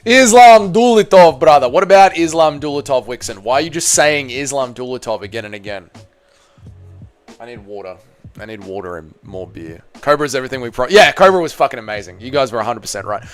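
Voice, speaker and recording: A man's voice: medium pitch, fast, soft background music. An Australian man from Tasmania hosting a casual fight-night livestream, bantering with chat and swearing freely. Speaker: livestream host.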